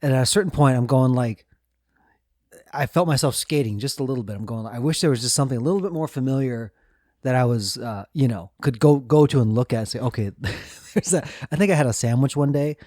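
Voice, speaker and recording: Warm and mid-range, the voice belongs to a middle-aged man hosting a laid-back podcast, speaking fairly quickly with studio quality and no room sound. He muses reflectively, offers guiding questions, laughs gently, and brings up his own travel experiences.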